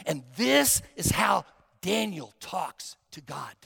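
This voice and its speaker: A male pastor preaching a sermon, emphatic and dramatic, dropping to a hush and then rising to a shout. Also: high-pitched, big pitch swings, slow pace, creaky, slightly rough, in a large hall. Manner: emphatic, swinging from hushed to shouting.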